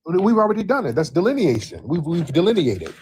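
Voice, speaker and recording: A man's voice: sits high, sing-song, a little fast, a little mellow, slight background noise. Male livestream host taking callers, easygoing drawl, says things twice. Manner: loose, drawling, repeats phrases. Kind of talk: casual call-in livestream chat.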